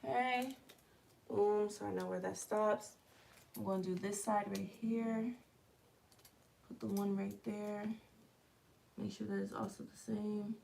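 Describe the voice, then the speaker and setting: A woman with a gravelly, fry-laced voice talks casually from her living room as she streams. She chats straight to her viewers and walks them through each step of her crafting. A faint hiss sits under her voice. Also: mid-range voice, steady tone, unhurried, long pauses, darkish tone. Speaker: host of a live merch-making stream. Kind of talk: casual live chat while crafting.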